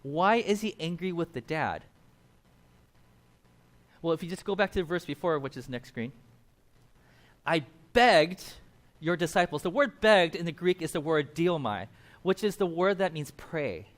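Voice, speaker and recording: A male pastor with a voice on the higher side delivers a sermon. He tells the story in a loose, animated way and jumps into quick voices for the people in it.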